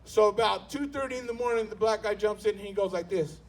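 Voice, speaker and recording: High-voiced profane stand-up comic. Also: male voice, quick pace, poor audio. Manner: profane, punchy, talks to the crowd. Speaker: stand-up comedian. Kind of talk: stand-up storytelling. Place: comedy club stage.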